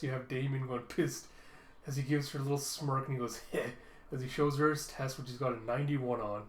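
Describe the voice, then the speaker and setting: A man recapping a comic chapter in a casual, animated, chuckling way. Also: medium pitch. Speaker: anime reviewer. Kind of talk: casual recap with acted voices. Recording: echoey room.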